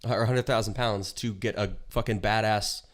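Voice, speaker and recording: A man's voice: fairly low pitch, steady tone, a little fast. A man co-hosting a comedy podcast, chatting casually and telling rambling stories full of swearing and laughter. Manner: profane, rambling storyteller who laughs often. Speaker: podcast co-host. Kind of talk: casual chat.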